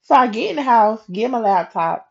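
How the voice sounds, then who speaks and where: A woman hosting a podcast, telling a personal faith story in a chatty, animated way and acting out what people said. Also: a little high, moderate pace, vocal fry, husky, highs cut off. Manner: animated and chatty, slips into quoted voices, laughs. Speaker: podcast host. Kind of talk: casual faith storytelling monologue.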